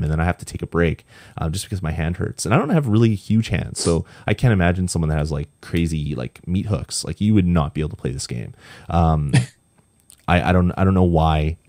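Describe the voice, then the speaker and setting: Young male podcast co-host, deep voice, rambling and weary, dry close sound. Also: lively intonation, a little fast, darkish tone, no room sound. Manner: rambling, many ums and restarts. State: tired, punch-drunk late at night. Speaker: podcast co-host reviewing a game. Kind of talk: casual podcast chat.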